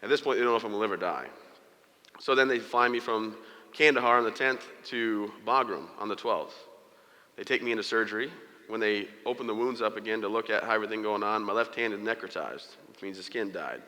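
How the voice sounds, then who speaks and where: A man tells his own story to an audience in a candid, joking manner. He talks quickly, and his voice sounds bright and forceful. The sound carries the long reverb of a large event hall. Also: lowish voice. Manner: candid, joking, acts out quoted dialogue. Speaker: motivational speaker. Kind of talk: personal storytelling speech to an audience.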